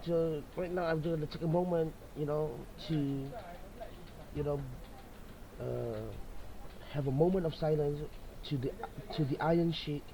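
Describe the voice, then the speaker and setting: A man's voice: a little high, fairly even intonation, measured pace, crowd noise, low-quality recording. A man hosting a casual video channel, talking hesitantly and restarting his sentences often. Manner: hesitant, full of fillers and restarts. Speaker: YouTube channel host. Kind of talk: casual vlog talk.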